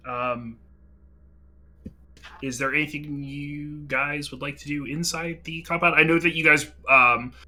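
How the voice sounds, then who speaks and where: Man, dungeon master, tabletop game, bright tone, hesitant, lots of ums. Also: on the high side, fairly even intonation, a little slow. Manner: hesitant, many ums while explaining.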